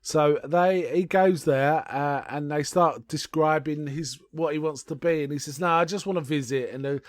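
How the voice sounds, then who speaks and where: A man's voice: fairly high pitch, moderate pace, dry recording, studio quality. A man co-hosting a podcast, casually recapping a film with lots of ums and acted-out quotes. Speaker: podcast co-host.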